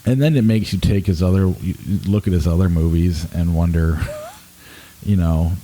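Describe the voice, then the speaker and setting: A man in his forties co-hosting a podcast, talking in a hesitant, halting way with many restarts. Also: deep voice, steady tone, warm tone, poor audio. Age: 40s. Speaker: podcast co-host and film critic. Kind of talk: casual podcast review.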